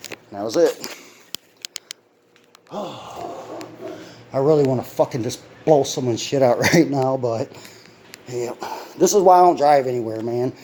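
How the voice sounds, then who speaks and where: Filming himself on a phone outside his home, a young man vents in an angry, cursing vlog, his blunt slang sharpened by irritation from constant pain. He speaks slowly with many pauses, in a medium-pitched, darkish voice, over a little hiss or hum.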